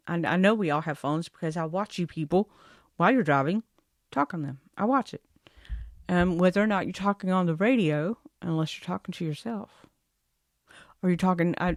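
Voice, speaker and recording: A woman's voice: on the low side, dry recording, clean studio sound. A woman ranting casually to her camera in a vlog, chatty and exasperated, rambling with asides. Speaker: vlogger.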